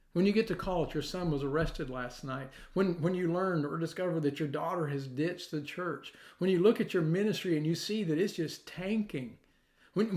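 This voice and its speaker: A middle-aged male pastor preaching in a fairly high voice. He tells a story and acts out quotes, and at times his voice drops to a soft, near whisper. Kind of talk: sermon.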